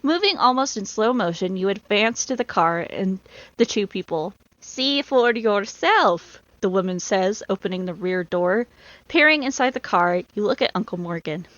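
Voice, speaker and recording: A woman's voice: medium pitch, animated, normal speed, fairly bright tone, no room sound. A woman co-hosting a podcast, reading an adventure book aloud and often bursting into laughter. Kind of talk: casual read-aloud of an adventure story. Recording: dull lo-fi sound.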